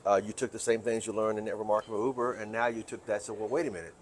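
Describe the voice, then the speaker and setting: Fast-talking, emphatic male motivational speaker. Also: lowish voice, a little hiss or hum. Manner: animated, emphatic, repeats key phrases for effect. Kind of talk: energetic storytelling interview.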